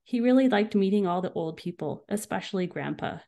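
A woman's voice: medium pitch, animated, fairly quick, gravelly, mellow. A woman, a guest author, reading a children's story aloud with expression and voiced quotes.

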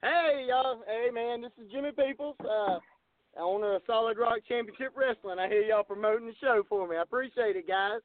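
A middle-aged wrestling promoter with a Southern Georgia accent phones in for a casual interview, his voice very high-pitched. He talks in a folksy way with many pauses, lots of "uh" fillers, and plenty of "y'all" and "yes, sir." The tinny phone line has slight background noise.

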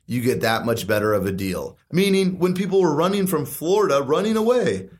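A confident man who invests in and teaches real estate, talking in an emphatic, persuasive way with rhetorical questions. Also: on the high side. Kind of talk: casual chat.

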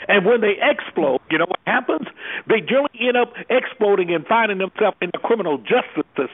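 Over a tinny phone line, an anger management specialist makes an impassioned call-in point with the fervor of a preacher, firing off rhetorical questions. He talks fast in a high, expressive voice with a breathy edge.

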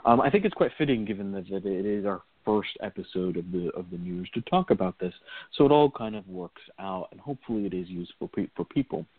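A man co-hosting a call-in radio show, explaining things in a measured way with many fillers. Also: low-pitched, animated. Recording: tinny phone-line audio.

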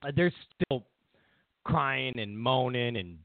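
Gravelly man ranting over a tinny line. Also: medium pitch, expressive, slow pace, dry recording. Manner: blunt, profane, mocks opponents in whiny voices. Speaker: political commentary host. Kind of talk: ranting opinion monologue. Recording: tinny phone-like audio.

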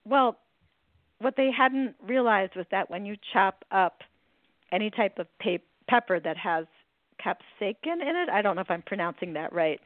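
A woman hosts a podcast and tells funny stories in an animated, chatty way, laughing along with her own punchlines. Her voice comes through narrow and phone-like. The sound is dry and close. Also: medium pitch, normal speed, no echo. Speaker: podcast host.

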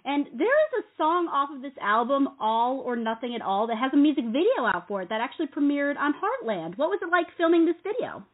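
A woman's voice: high-pitched, very animated, a little fast, hardly any pauses. A woman hosting an interview, asking questions and cheering her guest on. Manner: encouraging, short affirmations. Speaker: show host. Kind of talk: casual interview chat. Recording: tinny phone line.

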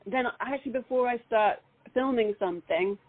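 A woman's voice: fairly high pitch, moderate pace, no echo. A British woman, an actress, chatting animatedly in an interview, with frequent restarts. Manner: animated, laughing, many restarts. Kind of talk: casual interview chat. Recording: phone-like call audio.

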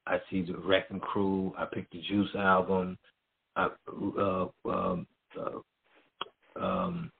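A man's voice: deep voice, slightly rough. A middle-aged man, a music promoter, telling a story as a guest in loose, slangy casual talk. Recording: tinny phone-like line.

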